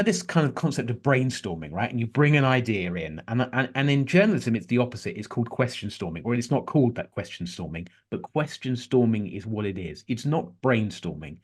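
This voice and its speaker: Animated man telling stories. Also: medium pitch. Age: middle-aged. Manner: animated storyteller, frequent restarts. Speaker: podcast guest, journalist. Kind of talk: conversational interview.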